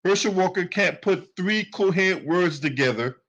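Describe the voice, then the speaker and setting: A man's voice: sits high, animated, normal speed, fairly bright tone. A man delivering heated, profane political commentary with speech patterns, repeating himself as he rants. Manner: heated, profane, repetitive ranting.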